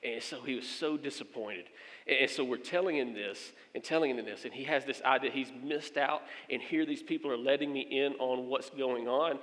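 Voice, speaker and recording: Speaking at normal speed in a mid-range voice with long reverb trailing after it, a pastor recounts a funny tale in his sermon. He brings it to life by voicing each person in it.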